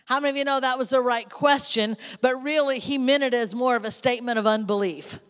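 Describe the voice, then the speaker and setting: A woman's voice: a little high, fairly quick, few pauses, clean tone. A woman, the pastor's spouse, preaching a sermon with emphatic repetition. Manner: emphatic, repeats lines for effect. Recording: long hall reverb.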